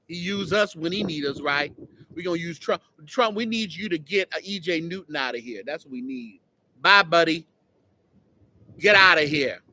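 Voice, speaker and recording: A man hosting a casual livestream outdoors, mocking and teasing someone in an animated way. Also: high-pitched. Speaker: host.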